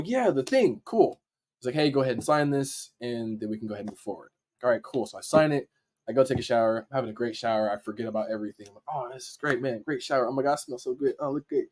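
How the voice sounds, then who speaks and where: A man, a podcast guest, telling a story in casual slang and acting out his own excited reactions. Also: mid-range voice. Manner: animated, acts out his own reactions in quotes; casual slang, frequent "like" fillers. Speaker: podcast guest, dancer and video editor.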